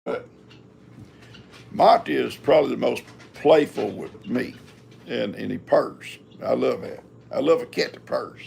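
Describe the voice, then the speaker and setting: A man's voice: mid-range voice, unhurried, gravelly, darkish tone, a little hiss or hum. An older man, hosting a live stream in a rambling, folksy chat and talking to his cats. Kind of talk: casual chat.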